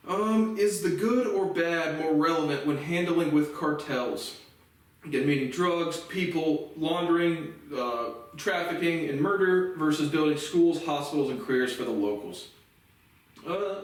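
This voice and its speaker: A man giving a profane, aggrieved solo monologue full of restarts and repeated words. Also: on the high side. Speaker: host of a solo commentary series. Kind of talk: casual rambling monologue. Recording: very echoey room, voice from a distance off the mic.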